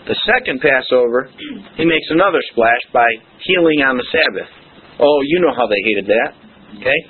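A man's voice: mid-range voice, moderate pace, husky. A man leading a Bible study, explaining scripture and often checking in with his listeners. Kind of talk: scripture teaching. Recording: tinny phone-like, faint noise.

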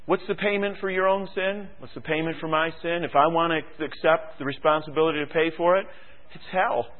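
A man delivers a sermon in a fairly high voice, moving from low, thoughtful asides to loud, fervent exhortation. He keeps pressing the congregation with rhetorical questions. The sound is thin and tinny, like a phone-line radio broadcast. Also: steady tone, a little fast. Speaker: preacher.

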